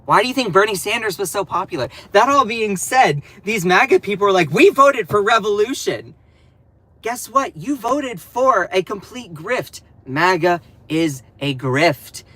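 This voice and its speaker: A man with a Southern American accent talks through political news on a casual live stream. His delivery is sassy and animated, full of teasing asides. His voice is bright and a little sharp. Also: sits high, moderate pace, few pauses, poor audio. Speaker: political commentator.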